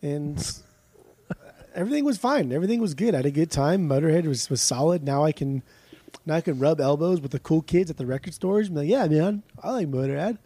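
Male podcast co-host, casual and profane, stumbling restarts, dark tone. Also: fairly high pitch, animated, a little fast, no room sound. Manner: rambling, profane, frequent restarts. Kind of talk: casual chat.

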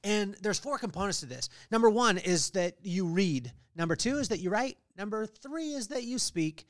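A middle-aged man hosting a podcast, giving a lively motivational faith talk with family stories and scripture readings. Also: high voice, moderate pace, dry recording, clean studio sound. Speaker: podcast host.

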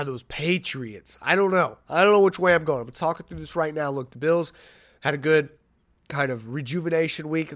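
Guy hosting a sports podcast, a bit high pitched, rambly and self-mocking, thinks out loud. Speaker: podcast host. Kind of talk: casual solo sports podcast talk.

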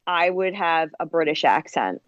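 A woman's voice: deep voice, big pitch swings, normal speed, no echo, lo-fi sound. A woman with a Long Island accent, a guest in casual chat, who says "like" constantly and laughs at herself. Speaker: podcast guest.

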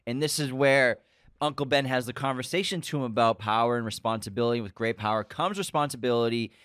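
A man's voice: medium pitch, quick pace, fairly bright tone, no echo, clean studio sound. A man co-hosting a casual chat, recounting a film from memory, laughing often and checking details with his partner. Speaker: co-host.

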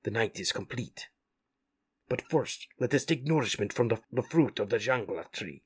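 A wise jaguar mutant, protector of the jungle, speaks slowly and solemnly in a husky voice at a middling pitch, as a man reads him, tossing in the odd Spanish word. The tone stays measured and grave throughout the comic story. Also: expressive.

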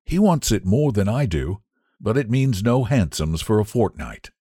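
A man voicing a kind, carefree young gentleman who speaks earnestly and sympathetically. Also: fairly low pitch, big pitch swings, moderate pace, slightly rough, dry recording, studio quality. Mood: sympathetic.

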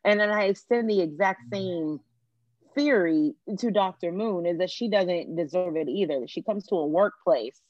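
A woman's voice: fairly low pitch, moderate pace, no echo, highs cut off. A woman hosting a podcast, talking earnestly in long winding sentences in casual pop culture chat. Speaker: podcast host.

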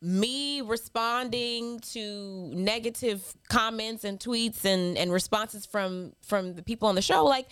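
A woman's voice: on the high side, slow pace, hardly any pauses, a bit bright, clean tone, no room sound. Sassy woman with a dry, close sound. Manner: sassy, mocking, reads hate mail aloud with laughter. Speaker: podcast co-host. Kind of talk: casual chat.

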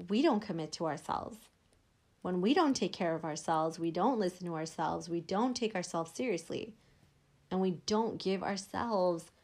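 A young woman hosting a podcast as a life coach, talking casually with lots of "like" fillers and acting out inner voices. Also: fairly low pitch. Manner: chatty, frequent "like" fillers, acts out inner voices.

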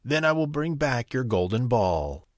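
A croaky speckled frog from a bedtime story, slow and patient, as a male narrator puts him on. His words come out measured and coaxing. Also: medium pitch, very animated, no room sound, studio quality.

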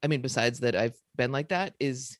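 A woman's voice: rumbling low, moderate pace, no room sound, clean studio sound. A young woman co-hosting a casual chat podcast, blunt and swearing freely as she tells stories. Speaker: podcast co-host.

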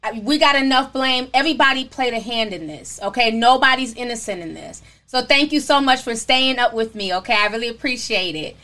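A woman's voice: fairly high pitch, a little fast, few pauses, bright, forceful tone. A woman hosting a livestream, reading viewer messages in a sassy, casual way and calling the audience honey and sis. She says she is still coughing. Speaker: livestream host reading super chats.

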